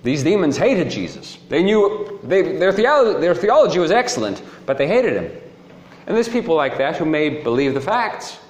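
A man preaching a sermon in an emphatic, animated manner, often checking in with his listeners. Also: on the high side, normal speed. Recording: roomy echo.

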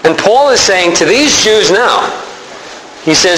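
A man preaching a sermon, animated, with rising emphasis. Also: high voice, slow pace, reverberant, slight background noise, rough recording. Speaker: pastor.

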